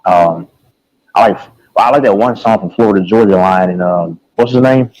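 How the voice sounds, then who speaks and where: A man's voice: low voice, moderate pace, a little mellow, poor audio. A man in casual chat about music, rambling, repeating himself and hunting for names.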